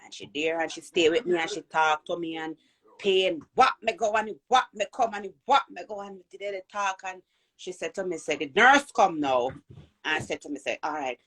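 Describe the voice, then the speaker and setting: A woman with a Jamaican accent telling a personal birth story in an animated way, acting out the voices of people she quotes. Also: sits low, husky. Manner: animated, acts out quoted voices, repeats and restarts.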